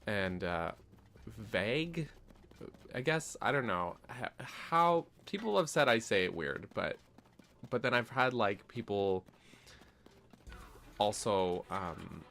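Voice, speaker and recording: A man's voice: on the low side, lively intonation, slow, creaky, long pauses, fairly bright tone, a little hiss or hum. A man casually chatting while playing a video game on stream, joking about how words are said and laughing at himself often. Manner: playful, self-mocking, laughs often. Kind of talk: casual gameplay commentary.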